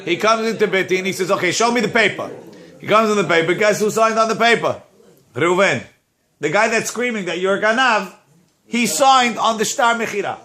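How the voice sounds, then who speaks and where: A male rabbi teaching Talmud in a fairly high, bright voice. He moves between the text and English explanation and often repeats a word while he searches for the next. He acts out the quarrelling claimants with sudden raised lines. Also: fairly quick. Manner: switches between Hebrew-Aramaic text and English. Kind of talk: Talmud class, reading and translating.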